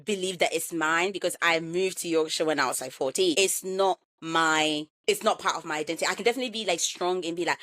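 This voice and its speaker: A young woman who grew up in Ghana hosts a relaxed podcast conversation. Her voice sits a bit low, and she talks with animated emphasis and frequent laughter. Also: quick pace, hardly any pauses. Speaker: podcast host. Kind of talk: casual podcast chat.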